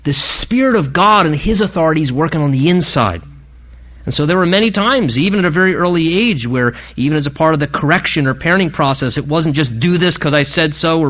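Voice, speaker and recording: A middle-aged man preaching a sermon, earnestly quoting scripture with dramatic pauses. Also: on the high side, animated, fairly bright tone, muffled recording. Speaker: pastor.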